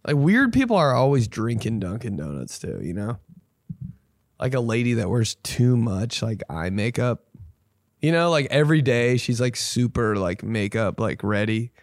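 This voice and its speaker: A male comedian rants casually on his podcast, swearing freely and losing his train of thought. He keeps breaking into loud, high mocking voices. The voice sits at a middle pitch and is recorded close and dry, with no room sound. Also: big pitch swings, normal speed, dry recording. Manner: profane, rambling, jumps into loud mocking voices.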